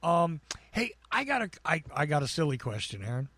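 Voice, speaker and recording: A man's voice: fairly high pitch, very animated, brisk, fairly bright tone, husky, no echo. A man with a New Jersey accent, co-hosting a podcast in a chatty, rambling way and laughing as he talks. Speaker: podcast co-host. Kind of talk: casual chat.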